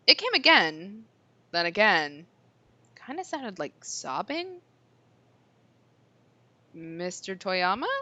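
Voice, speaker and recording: Bright animated woman reading aloud. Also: medium pitch, takes it slowly, no echo, lo-fi sound. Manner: expressive, laughs often. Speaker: streamer, co-host. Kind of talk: reading a visual novel aloud.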